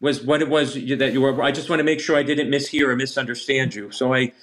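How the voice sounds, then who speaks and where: Male priest, gentle and careful, reassuring radio guest. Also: mid-range voice, steady tone, fast. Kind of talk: call-in radio conversation.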